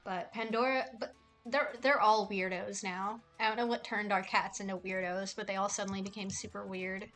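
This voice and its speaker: Young woman streamer, mid-pitched, rambling casual chat with soft cooing asides, faint background music. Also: fairly even intonation, moderate pace. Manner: rambling, affectionate baby talk to cats.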